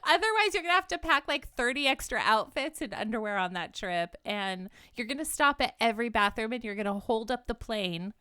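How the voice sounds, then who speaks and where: A chatty woman in her thirties co-hosts a casual podcast and jumps in with quick asides. Her voice is bright and a little high. The sound is dry and close to the mic. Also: expressive, smooth, no echo. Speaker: podcast co-host. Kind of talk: casual chat.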